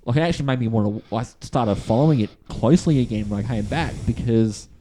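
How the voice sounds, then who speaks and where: A man's voice: mid-range voice, quick pace, dark tone, slight background noise. An Australian man from Western Australia, co-hosting a casual podcast and telling rambling stories with acted-out quotes. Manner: rambling storyteller, acts out quoted voices. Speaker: podcast co-host. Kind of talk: casual chat.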